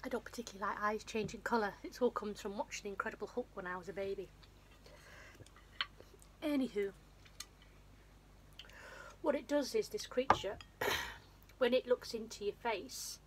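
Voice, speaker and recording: A woman's voice: mid-range voice, normal speed, long pauses. Woman vlogger with a runny nose, chatty and meandering, recorded at home with faint background noise. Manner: rambling, self-deprecating, with restarts. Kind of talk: casual film recap.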